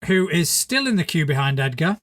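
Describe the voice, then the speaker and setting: A man's voice: on the high side, big pitch swings, a little fast. Joking, sweary man from Spain. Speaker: podcast host. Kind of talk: casual chat.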